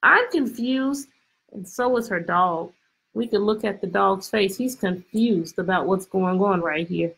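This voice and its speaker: A woman teacher reading a picture book aloud to her class over a video call, expressive and full of questions. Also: medium pitch, measured pace, vocal fry, husky, low-quality recording. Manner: lively, expressive, stretches words, asks questions. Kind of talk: storybook read-aloud lesson.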